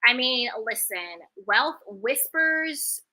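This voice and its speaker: A woman's voice: a little high, animated, takes it slowly, pushed and bright. A woman hosting a casual live stream at home, reading viewer comments aloud and reacting with emphatic repeats. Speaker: host reading live chat. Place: indoors at home.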